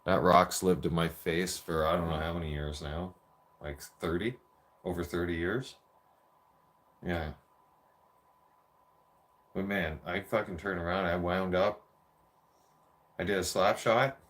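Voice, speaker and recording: A man's voice: deep voice, steady tone, a little slow, pauses often, fairly bright tone. A man in his forties telling a rambling, profane childhood story in a casual rant.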